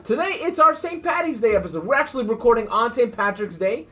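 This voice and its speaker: Animated, joking man co-hosting a podcast. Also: very high voice, quick pace. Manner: joking, swears freely. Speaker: podcast co-host. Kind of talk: casual drinking-podcast banter. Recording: voice a bit far from mic, faint noise.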